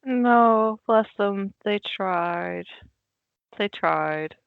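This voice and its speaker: A woman co-hosts a casual film podcast, talking animatedly and acting out characters' lines. Her medium-pitched voice is very slow, creaky and smooth, with no room sound, captured on a slightly dull lo-fi mic.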